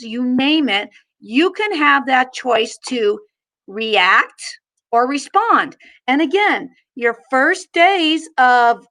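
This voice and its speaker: A middle-aged woman teaching a mindfulness lesson, gently guiding listeners through gestures and slow breaths. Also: high voice. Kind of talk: guided mindfulness lesson for children.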